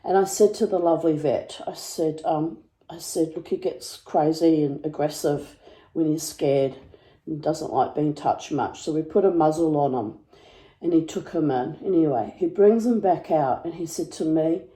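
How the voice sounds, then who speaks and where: A woman tells a story in a lively, dramatic way, her voice mellow and warm in tone. She is recorded in an echoey room. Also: low voice, normal speed. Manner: dramatic, breathless retelling with put-on voices. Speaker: vlogger. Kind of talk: casual storytelling to camera.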